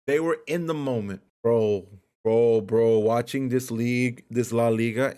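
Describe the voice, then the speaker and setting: A man giving a heated post-match rant as a football fan vlogger, repeating himself as he fumes. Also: medium pitch. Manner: heated, repetitive ranting.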